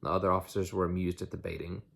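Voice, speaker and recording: A man's voice: sits low, flat delivery, very fast, vocal fry, fairly bright tone, breathy edge. A man reading a novel aloud in an unpolished way, with slips and restarts. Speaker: audiobook reader.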